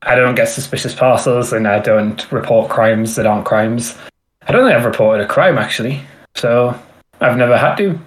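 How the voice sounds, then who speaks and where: A man's voice: mid-range voice, normal speed. A man co-hosting a casual podcast, joining in with dry, jokey banter. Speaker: podcast co-host.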